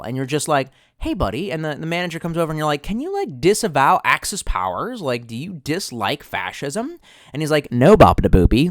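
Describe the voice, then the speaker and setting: In clean studio sound without echo, a young man with a fairly high-pitched voice chats on a livestream. He rambles, cusses often, gets sarcastic, and reads out what viewers type in chat.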